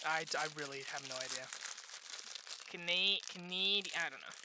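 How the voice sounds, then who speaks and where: A woman's voice: low-pitched, a little fast, sharp tone, a little hiss or hum. A woman streamer reading a game aloud and chatting casually with viewers, offhand and unsure.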